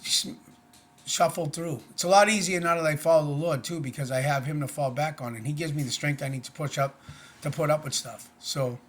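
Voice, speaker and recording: Middle-aged man, earnest and plainspoken, a touch high-pitched, rambling vlog talk. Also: fairly bright tone. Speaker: vlogger. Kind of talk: casual personal vlog.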